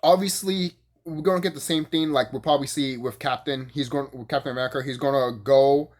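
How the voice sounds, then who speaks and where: A man giving a casual, profane, rambling review, full of fillers and bursts of laughter. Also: brisk. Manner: animated, jumps high when excited. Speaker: YouTube reviewer.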